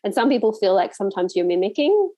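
An Australian woman hosts a relaxed podcast chat and tells stories with lively, easy laughter. Her voice sits in a middle register. It is recorded dry, with almost no room sound. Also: mid-range voice, quick pace, no echo. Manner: chatty, animated storyteller who laughs easily. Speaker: podcast host. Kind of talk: casual conversational interview.

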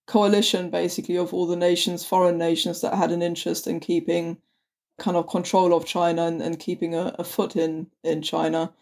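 A woman's voice: fairly low pitch, little pitch movement, fairly quick, a little mellow. A woman historian co-hosting a podcast, explaining in a hesitant way with many ums and restarts. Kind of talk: conversational explanation.

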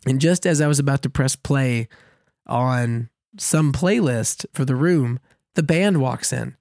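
A man co-hosting a podcast, telling a long story in a casual, animated way, laughing at himself often. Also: mid-range voice, unhurried, gravelly, dry recording, studio quality. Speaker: podcast co-host.

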